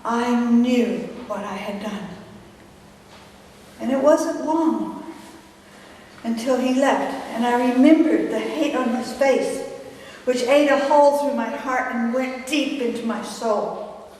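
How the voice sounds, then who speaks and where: A woman's voice: fairly high pitch, darkish tone. An older woman giving a dramatic personal storytelling speech at a club meeting, recorded from far off in an echoey hall with faint hiss. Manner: dramatic, measured pauses. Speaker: toastmasters speaker.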